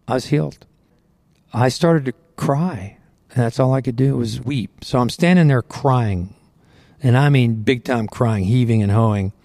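A middle-aged man tells his story of faith with an earnest, conversational tone. His voice sits at an ordinary pitch for a man. The studio sound is dry and close, with no room echo. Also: dark tone. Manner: earnest, conversational, frequent you know. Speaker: Christian singer telling his testimony. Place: recording studio. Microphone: close studio microphone.

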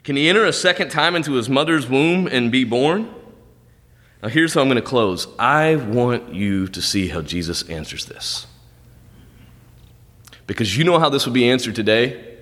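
Male pastor, sermon delivery, very animated pitch, long church reverb. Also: normal speed. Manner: animated preaching, pitch jumping high on emphasis. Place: church sanctuary.

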